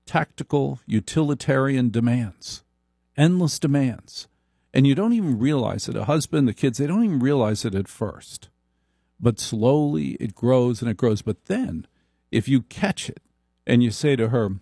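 A man delivering a comic monologue in a slow, deliberate, wry manner. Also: mid-range voice, lively intonation, gravelly, dark tone, breathy edge, no room sound, studio quality.

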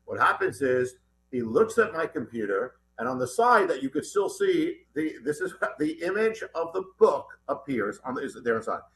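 Guest author, middle-aged man, bright slightly high voice, tells his story urgently and stumbles into restarts. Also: moderate pace, a little hiss or hum. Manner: animated, urgent, with many restarts. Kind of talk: recounting a personal story in an interview.

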